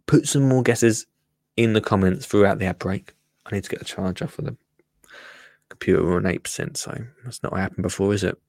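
A man's voice: on the low side, brisk, gravelly, darkish tone, dry recording, studio quality. A man hosting a casual livestream, chatty and laughing, often muttering to himself and trailing off while he works the computer. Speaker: livestream host. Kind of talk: casual live-stream chat.

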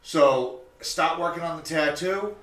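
A man's voice: on the high side, unhurried, reverberant, distant mic. A man, a tattoo artist, telling a story on a casual podcast, swearing freely and acting out what people said. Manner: profane, animated, acts out quotes.

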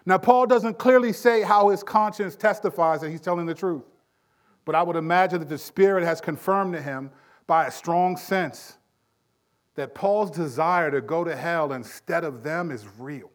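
A man preaching a conversational Bible-teaching sermon, emphatic, dropping to hushed tones to stress serious points. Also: on the high side, moderate pace.

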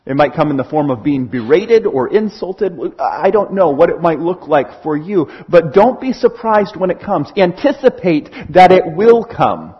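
A man preaching a sermon in an animated way, acting out little scenes as he explains. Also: fairly high pitch, moderate pace, hardly any pauses, breathy edge, lo-fi sound.

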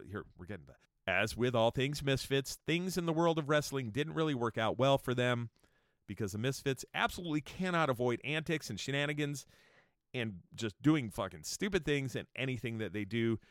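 Foul-mouthed male podcast host, heated mocking rant, animated delivery, dry booth. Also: mid-range voice, no room sound. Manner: angry, swearing, mocking whiny voices. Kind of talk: profane casual podcast rant.

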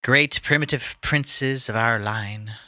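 Bright-voiced man reading poetry casually. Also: mid-range voice, takes it slowly, no room sound. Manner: reads verse with stumbles, restarts and laughs. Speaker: podcast host reading poetry aloud.

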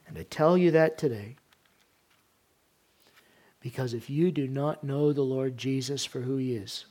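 A male pastor delivering a sermon, moving from quiet, hushed passages to loud, emphatic ones. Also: mid-range voice, a little slow.

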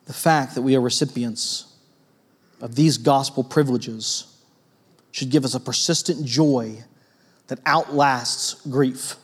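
A man preaching a sermon in a church, conversational and lively, with a storytelling manner and frequent asides to his listeners. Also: mid-range voice, slow pace, slightly rough. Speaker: pastor.

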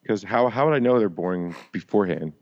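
A man with a low voice grumbles sarcastically through a podcast chat, and his audio sounds dull and lo-fi. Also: lively intonation, quick pace. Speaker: podcast co-host. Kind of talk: casual chat.

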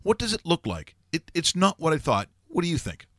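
A man's voice: a little high, huge pitch swings, a little fast, fairly bright tone, a little hiss or hum. A man hosting a live sports talk show, chatting casually and telling rambling stories with many restarts.

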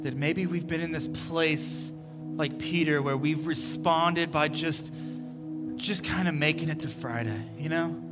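Man, pastor, sermon, earnest, repetitive phrasing, high-pitched. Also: fairly even intonation, unhurried, over loud music. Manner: earnest, repeats phrases, voices Jesus in quotes. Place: church service.

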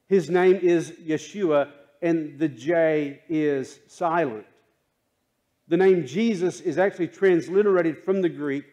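A male pastor preaches in a church sanctuary. His voice sits somewhat high and he takes his time, drawing the congregation into call and response. He drops to a hush at times and rises to an impassioned plea at others. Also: a little slow. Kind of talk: sermon.

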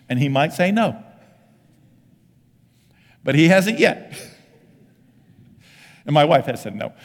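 Man, pastor, casual folksy sermon, paraphrased dialogue, mid pitch, long hall reverb. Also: lively intonation. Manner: folksy, conversational preaching with quick paraphrased dialogue.

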